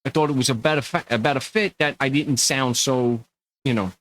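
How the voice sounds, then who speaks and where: A man's voice: medium pitch, fairly quick, poor audio. A middle-aged man with a Long Island New York accent, hosting his own channel in a rambling, sarcastic monologue. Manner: animated, sarcastic, rambling with restarts. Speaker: podcast host. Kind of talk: casual monologue to camera.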